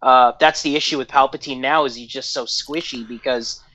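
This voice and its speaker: A man's voice: medium pitch, steady tone, fairly quick, a loud crowd. A man co-hosting a game stream on a call, thinking aloud with lots of fillers. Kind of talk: casual group chat on a call. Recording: dull lo-fi call audio.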